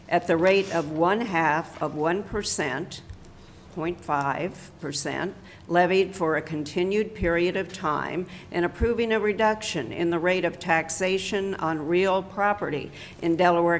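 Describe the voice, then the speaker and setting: Lady commissioner running a hearing, slow careful reading, bit of noise behind. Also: fairly low pitch. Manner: slow, deliberate reading with fillers. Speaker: county commissioner presiding over a hearing. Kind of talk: formal public hearing. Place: county meeting room.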